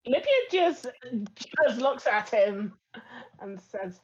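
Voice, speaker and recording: A woman's voice: on the high side, expressive, slow pace. Playful woman player on a lo-fi mic. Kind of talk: casual chat at a tabletop game. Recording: dull lo-fi mic.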